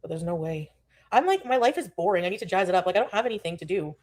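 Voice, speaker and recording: A woman's voice: lowish voice, lively intonation, very fast, a little mellow. A woman on a live stream, chatting loosely and greeting viewers as she rambles between topics. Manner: rambling, greets chat often. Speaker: livestreamer. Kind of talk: casual live stream chat.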